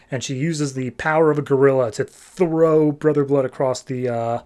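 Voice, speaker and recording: A man's voice: mid-range voice, fairly even intonation, normal speed, darkish tone. A man hosting a podcast, chatty, recapping comic books and acting out character voices. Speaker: podcast host. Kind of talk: casual comic book recap.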